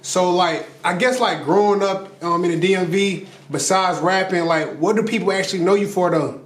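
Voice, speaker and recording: A man's voice: sits high, moderate pace. A man hosting a casual interview, laid-back and slangy as he asks his questions. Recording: echoey room, faint noise.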